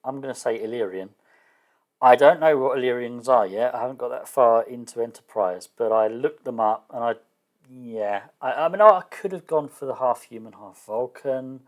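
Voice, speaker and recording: A man lays out his solo tabletop game in a relaxed, thinking-aloud way. His voice sits at an ordinary middle pitch, and he trips over restarts and fillers. He is a little unsure of himself and pokes fun at his own gaps in knowledge. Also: normal speed. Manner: hesitant, many fillers and restarts; self-deprecating, unsure of terms. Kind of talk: casual thinking-aloud explanation.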